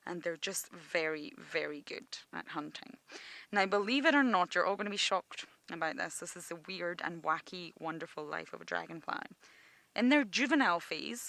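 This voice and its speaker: A woman's voice: on the low side, bright, forceful tone, no room sound. A woman from Britain, guiding a live outdoor game drive and explaining wildlife with enthusiasm. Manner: enthusiastic, explaining nature facts to viewers. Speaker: safari guide.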